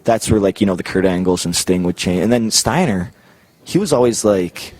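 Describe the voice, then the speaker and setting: A man's voice: low-pitched, normal speed, no room sound. A man from Canada in his thirties, telling backstage stories in a casual interview, laughing often and acting out the people he quotes. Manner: animated, laughs a lot, acts out quoted voices. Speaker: guest. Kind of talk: casual storytelling.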